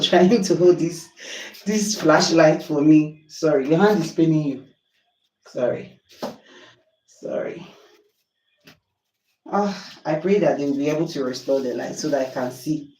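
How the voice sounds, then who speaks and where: A woman's voice: low-pitched, mellow. Nigerian woman cooking on a live stream, chatty and fed up, roomy echo, sounds a bit far from the mic. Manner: chatty, exasperated, apologetic. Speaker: livestream host. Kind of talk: casual livestream chat while cooking. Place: home kitchen.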